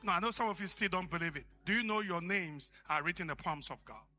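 High, bright-voiced preacher with music behind. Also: male voice, quick pace. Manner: dynamic, swings from shouting to hushed whispers. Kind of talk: sermon.

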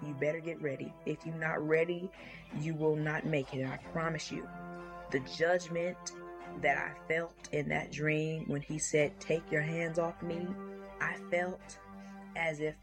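Urgent low-voiced woman over music. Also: flat delivery, measured pace. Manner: urgent, emphatic warnings. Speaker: dream testimony speaker. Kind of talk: spoken testimony. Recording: music playing underneath.

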